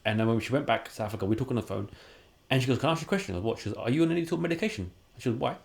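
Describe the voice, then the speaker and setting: A man's voice: medium pitch, lively intonation, very fast, creaky. A man, a podcast guest telling candid personal stories in a casual way and acting out the dialogue he quotes. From London, England.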